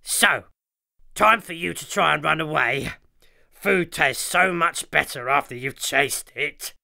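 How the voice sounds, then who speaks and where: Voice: medium pitch, lively intonation, takes it slowly, creaky, pushed and bright, exaggerated voice. T-Rex: a narrator doing a hungry boastful dinosaur. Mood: eager. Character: hungry male T-Rex, eager to chase food.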